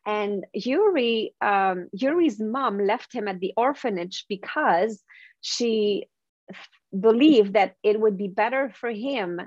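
A woman's voice: medium pitch, expressive, slow, darkish tone, no room sound. A woman with a French Canadian accent, her first language French, speaks as a guest on an interview podcast, eager and earnest. Her words come across in a mid-range voice. The sound is dull and lo-fi, with a dry, close feel. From Quebec, Canada. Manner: earnest, eager, with frequent laughs.

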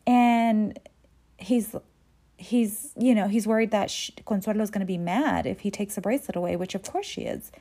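A woman's voice: medium pitch, normal speed, dark tone. Chatty woman recapping a show. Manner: chatty and conversational, with loose fillers and frank jokes. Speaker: telenovela episode recapper. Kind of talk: casual recap commentary.

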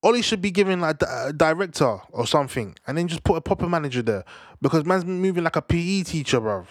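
A young man ranting casually about football, animated and slangy, tagging "bruv" onto his lines. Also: a little high, fast, no echo, studio quality. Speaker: football fan commentator. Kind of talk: casual rant to camera.

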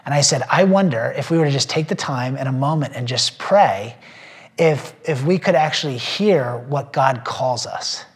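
Speaking at normal speed in an expressive, medium-pitched voice, a male pastor gives his personal testimony to a small group. He is earnest and rambling, full of fillers and restarts, and grows emotional as he recounts faith stories.

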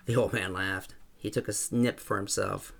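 A man reading a first-person story aloud in a calm, even way. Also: lowish voice, moderate pace, gravelly. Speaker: narrator.

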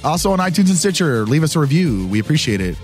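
A man's voice: fairly high pitch, big pitch swings, fast, soft background music. A young man hosting a casual podcast in a small studio, loose and joking, rambling with restarts. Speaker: podcast host.

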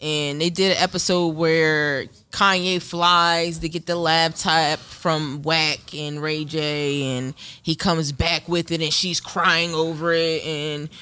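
A woman's voice: deep voice, slow pace, hardly any pauses, smooth. A woman in casual podcast chat, animatedly retelling celebrity gossip with plenty of profanity. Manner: animated storytelling, profane, mimics people.

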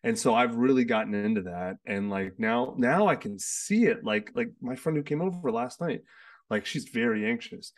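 Man, podcast host, rambling chatty delivery, mid pitch, a bit distant from the mic. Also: lively intonation, moderate pace. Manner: rambling, many restarts and fillers. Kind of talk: casual conversation. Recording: sits away from the mic.

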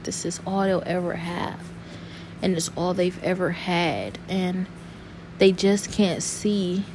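Slow, mellow-voiced young woman rambling earnestly. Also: medium pitch, slight background noise. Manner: rambling, halting, full of restarts and fillers; earnest and saddened. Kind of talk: emotional personal monologue.

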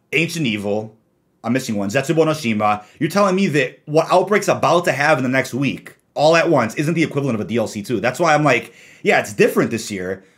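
A young man hosts a casual gaming podcast from home over a call. He talks quickly and argues with animation, stacking up his points. His pitch sits in an ordinary middle range. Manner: rapid, animated, argumentative. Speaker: podcast host.

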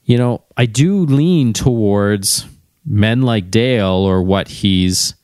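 A middle-aged man with a very low, smooth, resonant voice thinks aloud in a candid personal monologue. He keeps pausing to search for the right words. The sound is dry and close. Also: a little mellow, no echo.

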